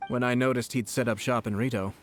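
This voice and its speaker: An actor playing a poised, courteous young noble commissioner in a video game, who speaks in a formal, measured, polite way. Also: male voice, medium pitch, steady tone, close to an everyday voice. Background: game music.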